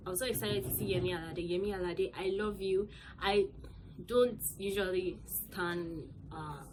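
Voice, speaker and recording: A young woman from Nigeria, hosting a casual movie review vlog in an excitable, chatty and emphatic way. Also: medium pitch, slight background noise, poor audio. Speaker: host.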